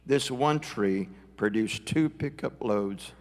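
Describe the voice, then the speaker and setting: A man's voice: mid-range voice, takes it slowly, noisy background. A middle-aged man preaching a live sermon in a church, emphatic and building in intensity. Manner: rising, emphatic preaching that climbs louder as he builds. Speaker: guest preacher. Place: church sanctuary. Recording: long church hall reverb.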